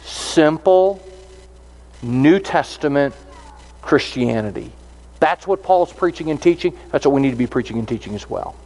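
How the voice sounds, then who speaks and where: A man's voice: a little high, expressive, normal speed, darkish tone. A man preaching a sermon, earnest and explanatory, reading out scripture verses as he teaches.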